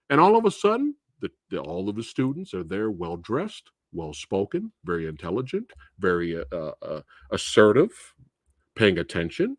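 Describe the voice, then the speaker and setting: A man hosting a live stream, talking about a film in an animated, profane way with frequent laughs. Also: medium pitch, no echo, studio quality. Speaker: movie reviewer and host. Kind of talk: casual live-stream movie talk.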